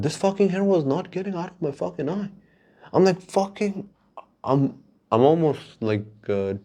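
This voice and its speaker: A man hosting a podcast, telling rambling casual stories full of swearing and restarts, and getting heated when he rants. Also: fairly low pitch. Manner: profane, rambling, with frequent restarts; gets loud and heated when ranting. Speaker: podcast host. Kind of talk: casual storytelling monologue.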